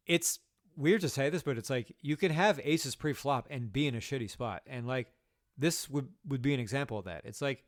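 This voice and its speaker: A man telling poker stories in a casual vlog, swearing often and quick to rant in exasperation. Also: mid-range voice. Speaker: poker player.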